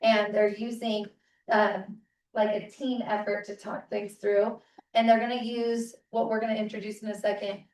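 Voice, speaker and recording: A woman's voice: mid-range voice, little pitch movement, moderate pace, darkish tone. Woman teaching parents in an echoey room. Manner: casual, checks in with frequent "right?". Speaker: parent seminar presenter. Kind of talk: conversational teaching talk. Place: seminar room. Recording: roomy, distant mic.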